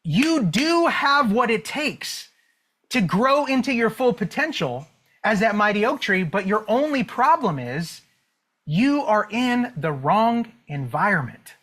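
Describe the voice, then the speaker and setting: A man's voice: high-pitched, sing-song, slow, fairly bright tone, exaggerated voice. A man voicing a friendly, wise little male sparrow who gives casual, coaxing, bro-like advice.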